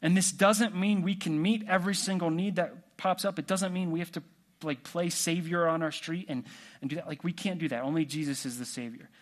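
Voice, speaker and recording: Conversational preacher, slightly high voice. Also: male voice, steady tone, brisk. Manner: conversational preaching with rhetorical questions. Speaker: pastor. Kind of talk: sermon.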